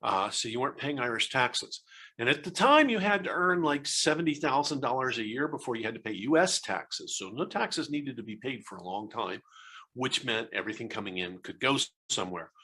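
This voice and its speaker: A man's voice: mid-range voice, expressive, brisk, bright, forceful tone, slightly rough. An American man in his sixties, a guest telling stories in a casual interview, rambling and hesitant with many fillers and restarts. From United States.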